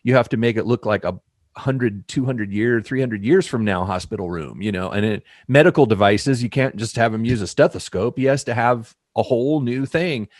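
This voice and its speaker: A man's voice: mid-range voice, normal speed, a little mellow, no room sound, studio quality. A man co-hosting a review podcast, explaining details and thinking aloud. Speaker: podcast co-host. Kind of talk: casual review chat.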